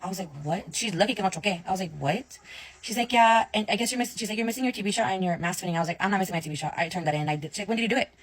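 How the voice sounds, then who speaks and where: A woman's voice: mid-range voice, racing, poor audio. A young woman telling a story in a casual rant, blunt and swearing often, acting out both sides of her conversations.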